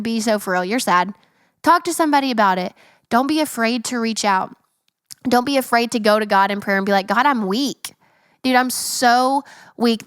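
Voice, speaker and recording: Young woman, podcast host, heartfelt faith talk, earnest and emphatic, fairly high voice, dry close sound. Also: fairly bright tone, clean tone, no echo.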